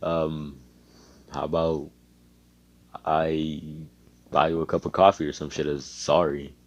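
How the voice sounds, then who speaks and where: A man doing a detached young hero from a fan-made anime story, all flat monotone and quiet mumbles. The voice sits very low and gives almost nothing away. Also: slow, highs cut off.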